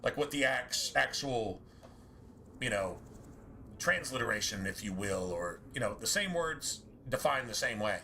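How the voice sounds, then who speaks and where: A man's voice: medium pitch, animated, unhurried, sharp tone, slight background noise. A man streaming a game, chatting casually with viewers in a rambling, musing way, correcting himself and swearing now and then.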